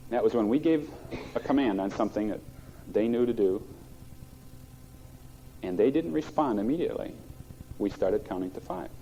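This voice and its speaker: A man's voice: lowish voice, lively intonation, normal speed, pauses often, warm tone. A middle-aged man preaching a sermon as a pastor, plainspoken and folksy, recorded on an old muffled cassette.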